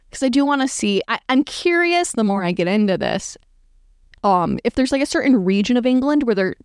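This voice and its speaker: A woman's voice: fairly high pitch, a little mellow, clear, resonant tone, no echo, clean studio sound. A woman giving casual, sarcastic reaction commentary, reading a blog aloud and joking about it. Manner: sarcastic, amused, reads aloud and riffs.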